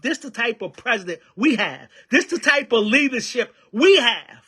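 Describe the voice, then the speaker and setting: A man's voice: extremely high pitch, lively intonation, normal speed, few pauses, sharp tone, husky. A man giving fiery, preacher-like union commentary packed with rhetorical questions. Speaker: union member and activist. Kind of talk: impassioned political commentary.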